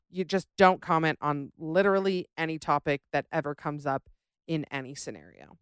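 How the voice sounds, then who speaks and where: Young woman podcaster going off on stuff, sassy, lowish smooth voice, dry close mic. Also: normal speed, dry recording. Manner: sassy, animated, ranting. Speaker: podcast host. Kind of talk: casual chat reading listener stories.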